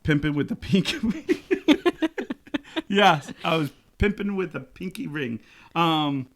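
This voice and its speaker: A middle-aged man from Rhode Island hosting a podcast in casual chat, often laughing and slipping into silly voices. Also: normal speed. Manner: animated, jumps into high silly voices when quoting, laughs often. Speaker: podcast host.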